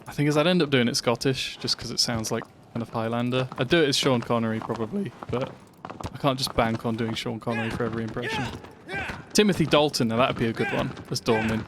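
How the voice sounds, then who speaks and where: A man's voice: medium pitch, fairly even intonation, fast talker, noisy background. Punning, chatty male game streamer. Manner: jokey, punning, chatty with viewers. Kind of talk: live gameplay commentary. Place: home flat. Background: music.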